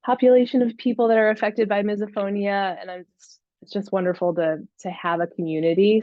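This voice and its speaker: A woman's voice: mid-range voice, dry recording. A woman in her thirties, a therapist on a video-call panel, talking earnestly and searching for words with many fillers. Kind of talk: panelist introduction. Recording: dull lo-fi video-call audio.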